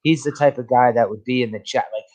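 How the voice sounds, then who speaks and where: A man's voice: mid-range voice, steady tone, fast talker, a little mellow. A man co-hosting a casual movie podcast, blunt and profane, riffing in ranting asides. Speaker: podcast co-host.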